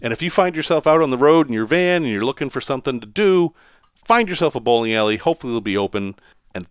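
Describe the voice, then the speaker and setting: Animated storytelling man from Massachusetts. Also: medium pitch, fast, faint music behind. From Massachusetts, USA. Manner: storytelling, chuckles often. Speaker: podcast host. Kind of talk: casual monologue.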